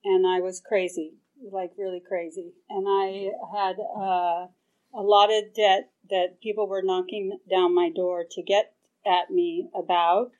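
A woman's voice: medium pitch, flat delivery, unhurried, a little mellow, lo-fi sound. Woman, middle-aged, recovery meeting speaker, candid, swears freely, mid-range voice. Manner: candid, profane, acts out her own past reactions. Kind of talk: personal recovery story at a meeting. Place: meeting hall.

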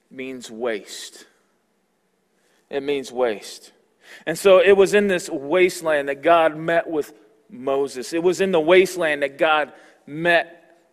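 A male pastor giving an earnest sermon, building up loud and then dropping almost to a whisper. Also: fairly high pitch. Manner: earnest preaching, swells loud then drops to near-whisper. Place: church sanctuary. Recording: long hall reverb.

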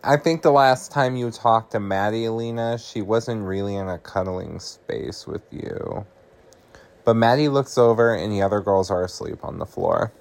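A man's voice: on the low side, normal speed, vocal fry. A man hosting a podcast, casually recapping a horror comedy with swearing, laughs and lots of "like" and "um". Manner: chatty, laughing, swears, uses filler "like" and "um". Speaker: podcast host.

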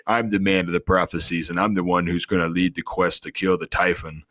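A man's voice: low-pitched, level tone, a little fast, a bit bright, no room sound. A man voicing a smug, boastful brother from a video game, recounting his cocky lines. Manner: cocky, dismissive. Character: smug boastful young male hero's brother.

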